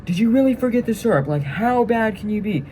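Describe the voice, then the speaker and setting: A man voicing a male drill sergeant who yells incredulous, half-joking scolding questions. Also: high-pitched, expressive, a little fast, slight background noise, pitched above the performer's own voice.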